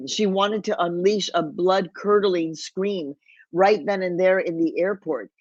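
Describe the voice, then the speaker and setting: A woman's voice: on the low side, slow, darkish tone, no echo. A woman from Mexico, an author, reads aloud from her memoir in a vivid storytelling manner and drops in Spanish phrases now and then. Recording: dull, lo-fi, dry.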